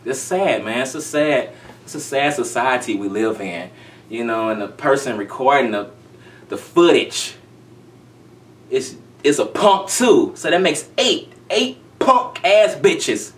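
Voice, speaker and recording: A man's voice: mid-range voice, lively intonation, unhurried. A man giving an angry, emphatic commentary in a vlog, repeating himself for effect. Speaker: vlogger. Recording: roomy, mic at a distance.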